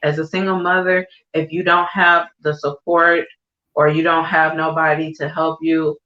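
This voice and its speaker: A woman's voice: sits low, little pitch movement, normal speed, bright, forceful tone. A woman in casual chat giving earnest advice from her own experience as a single mother. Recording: roomy, dull lo-fi sound.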